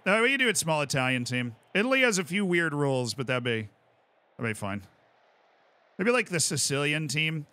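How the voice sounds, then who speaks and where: A man in his twenties with an American accent, chatting casually on a live stream as he plays a game and reads out chat, bursting into excited yells. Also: mid-range voice, clean tone. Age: 20s. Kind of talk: casual live-stream commentary while gaming.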